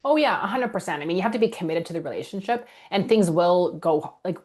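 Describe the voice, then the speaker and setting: A woman's voice: fairly low pitch, expressive, fast talker, a little mellow. Earnest woman in casual talk. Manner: earnest, agreeable, many "like" fillers. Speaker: podcast guest. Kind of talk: casual conversation.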